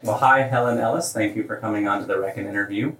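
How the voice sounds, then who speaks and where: A man hosting an interview podcast, talking in a relaxed way with many "uh" fillers. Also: fairly low pitch, fast talker, echoey room, over loud music. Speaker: podcast host. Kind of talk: interview podcast with scripted intro.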